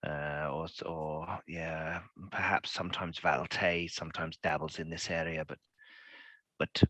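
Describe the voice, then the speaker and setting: A man's voice: extremely low pitch, flat delivery, measured pace, sharp tone, no echo, pitched below the performer's own voice, full character voice. A man doing a grumpy old mage, curt. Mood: grave. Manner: curt, dry and dismissive.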